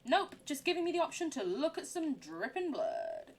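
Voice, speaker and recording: A woman's voice: high voice, huge pitch swings, normal speed, creaky. A young woman streaming a horror game, chatting in a giggly, rambling way. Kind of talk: live game commentary.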